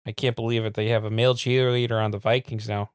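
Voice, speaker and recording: A man putting on a thick Minnesota accent, playing a folksy local who gripes in a slow, drawling way. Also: on the low side, little pitch movement, clear, resonant tone, dry recording, studio quality, pitched below the performer's own voice, lightly acted. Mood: grumbling.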